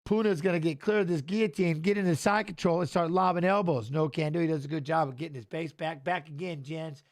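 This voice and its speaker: A middle-aged man hosting a live fight watch-along, excitable and shouting at the fighters while chatting with viewers. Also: a little high. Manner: excitable, talks fast over the action, shouts at fighters. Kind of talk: live fight commentary and chat.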